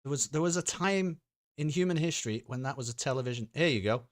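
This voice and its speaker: A British man streams a game and chats casually, swearing and joking wryly as he laughs along. His voice is on the high side, animated and quick.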